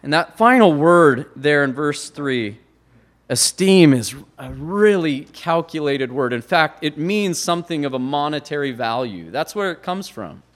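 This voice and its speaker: A man preaching a sermon, building to loud stressed words and then dropping to quiet, low phrases. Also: lively intonation, unhurried.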